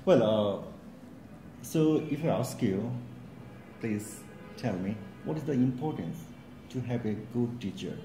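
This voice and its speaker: A man's voice: mid-range voice, expressive, slow, long pauses, mellow, echoey room, soft background music, rough recording. A man from Bangladesh, an interview host asking questions politely and hesitantly, with many fillers. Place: language school in Bangladesh.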